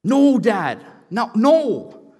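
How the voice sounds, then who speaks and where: A man voicing whiny, indignant teenage boys who plead in high, exasperated tones. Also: expressive, normal speed, long reverb tail, natural voice. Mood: outraged.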